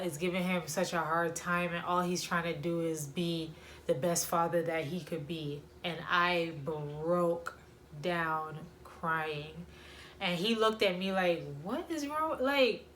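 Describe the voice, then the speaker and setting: A woman telling a painful personal story to camera, reflective, with many pauses and fillers. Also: fairly low pitch, fairly bright tone, slight background noise. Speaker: vlogger sharing a personal story.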